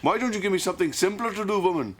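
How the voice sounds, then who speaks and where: An actor playing a sarcastic, exasperated Scottish shopkeeper. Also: male voice, high voice, lively intonation, racing, background noise.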